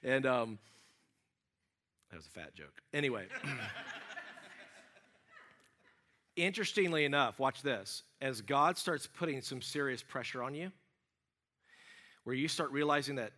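A middle-aged male pastor preaching a sermon, dropping to a hush and rising to loud cries as he acts out quoted prayers. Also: medium pitch, expressive, moderate pace, pauses often. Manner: emphatic, swings from hushed to loud, voices quoted cries.

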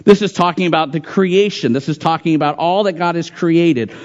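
A man's voice: a little high, brisk, a little mellow, highs cut off. A man preaching a sermon, reading scripture aloud and repeating phrases for emphasis in an earnest pulpit manner. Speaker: pastor.

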